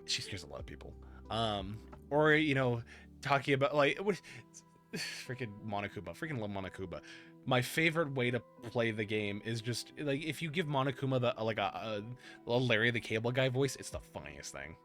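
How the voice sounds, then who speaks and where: A man's voice: mid-range voice, animated, a little fast, fairly bright tone, soft background music. A man hosting a casual podcast chat, rambling and restarting his sentences as he goes. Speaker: podcast host.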